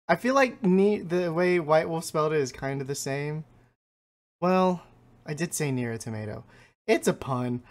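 Chatty male streamer over faint game music. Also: fairly high pitch. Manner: reads game text aloud between chatty reactions. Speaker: streamer playing a card game. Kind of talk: casual let's-play commentary with chat.

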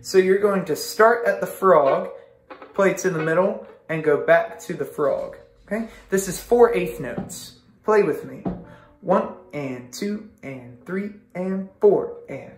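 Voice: medium pitch, a little slow. A string teacher leading an online music lesson, counting beats aloud with patient encouragement. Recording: echoey room with violin playing.

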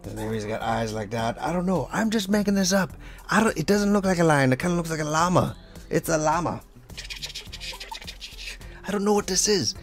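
A man's voice: fairly high pitch, expressive, fairly quick, pauses often, soft background music. A man leading a casual draw-along lesson, talking as he draws, playful and rambling with self-mocking asides. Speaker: drawing instructor.

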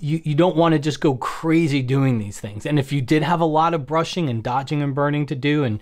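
A man teaching photo-editing software in a screen-recorded tutorial, explaining things casually and checking in with "all right" and "okay". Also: on the high side, brisk.

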